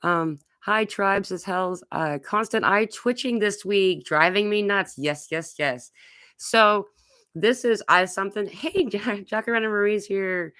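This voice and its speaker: A woman's voice: on the low side, fairly bright tone, dry recording, clean studio sound. A woman hosting a live online Q&A on spiritual topics, reading viewer comments aloud and talking in a rambling, casual way with many fillers.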